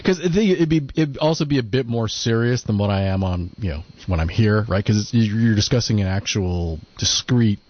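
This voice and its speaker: A man's voice: lowish voice, expressive, a little fast, hardly any pauses, muffled recording. Rambling male talk radio host. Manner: rambling, hesitant. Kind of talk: casual talk radio chat.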